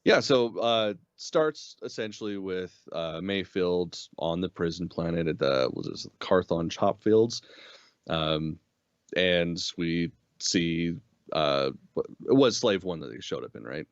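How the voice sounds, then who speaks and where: A man co-hosting a casual review show, talking in an animated way, swearing freely and acting out lines from scenes. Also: sits low, takes it slowly, smooth, no echo, dull audio. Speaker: podcast co-host.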